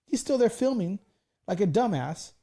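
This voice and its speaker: A man's voice: sits high, very animated, moderate pace, dark tone. A man in his forties hosting a casual podcast, telling stories animatedly and swearing freely. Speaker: podcast host. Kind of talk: casual chat.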